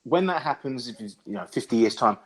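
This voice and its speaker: A man's voice: medium pitch, animated, fast. Probing male host of a panel debate. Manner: challenging, probing questions, stammering restarts. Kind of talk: live online panel debate.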